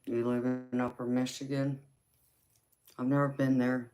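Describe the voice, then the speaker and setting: A woman's voice: extremely low pitch, flat delivery, a little slow, warm tone. A woman with a Southern Georgia accent hosting a casual live stream, reading out viewer comments, laughing often and calling people honey and sweetheart. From Southern United States. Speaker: tarot reader and livestream host.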